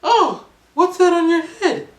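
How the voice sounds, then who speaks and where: A man voicing a curious, blunt woman classmate with high, slow, drawn-out questions. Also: expressive, fairly bright tone, reverberant, exaggerated voice. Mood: puzzled.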